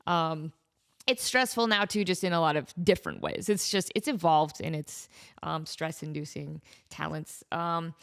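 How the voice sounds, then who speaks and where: A woman hosting a podcast, telling stories in a rambling, animated way and laughing often. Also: low voice, moderate pace, gravelly. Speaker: podcast host. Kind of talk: casual storytelling monologue.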